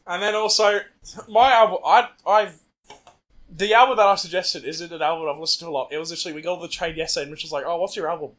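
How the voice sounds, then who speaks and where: An Australian man on a casual podcast, recounting stories in a rambling way with frequent restarts. His voice is markedly high for a man. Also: steady tone, fast talker, fairly bright tone. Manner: rambling storyteller, restarts sentences often. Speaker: podcast co-host. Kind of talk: casual banter among friends.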